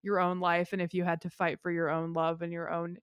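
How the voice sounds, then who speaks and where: A woman's voice: lowish voice, monotone, brisk, smooth, no room sound, dull audio. Woman podcast co-host, casual film chat, enthusiastic, rambling, dry close sound.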